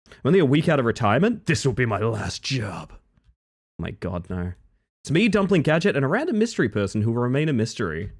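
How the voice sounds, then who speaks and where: Guy streaming and chatting w viewers, super lively voice, yelps then mumbles. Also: a little fast. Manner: chatty, animated, swings from high excited yelps to low mutters; reads chat aloud and answers viewers by name. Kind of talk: casual live-stream chat.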